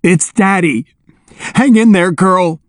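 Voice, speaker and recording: A man reading an audiobook, voicing an excited, emotional young soldier who commands a tank. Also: a little high, normal speed, no echo, clean studio sound. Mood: choked up. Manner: emotional, eager.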